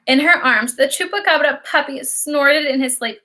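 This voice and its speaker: Reading a children's novel aloud, this audiobook narrator uses a high-pitched voice at a moderate pace with few pauses. She tells the story in a lively, expressive way.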